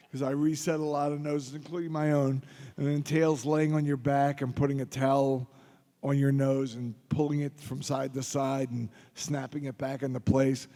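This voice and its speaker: A man's voice: medium pitch, dark tone. Middle-aged man telling stories in a big hall. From Philadelphia. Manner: gruff, joking anecdotes addressed to the crowd. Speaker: convention panel guest. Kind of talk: audience Q&A storytelling. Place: large convention hall. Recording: long hall reverb.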